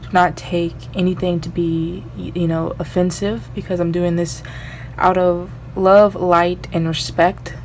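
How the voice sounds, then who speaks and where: A young woman with a lowish voice talks straight to camera as she gives a psychic medium reading. She is earnest and rambling and circles back over the same phrases. A faint hiss sits under her voice. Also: little pitch movement, a little slow, darkish tone. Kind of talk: spiritual reading vlog.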